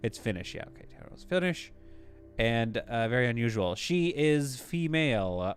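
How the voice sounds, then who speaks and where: A man's voice: mid-range voice, expressive, moderate pace, clear, resonant tone, no echo. A man streaming a space-building game, chatting casually, rambling, and reading viewer messages aloud. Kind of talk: casual live-stream commentary.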